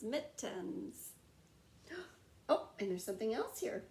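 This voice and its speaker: A woman teacher reading a picture book aloud to young children in a slow, sing-song way, stretching and repeating rhyming words. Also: mid-range voice, reverberant.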